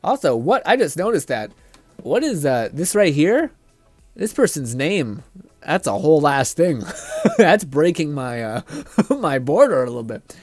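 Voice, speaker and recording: A young man chats with his live-stream viewers, reading their messages aloud and laughing as he goes. His voice sits a little high and swings widely in pitch. He swears casually and sounds relaxed. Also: unhurried, no echo, faint music behind.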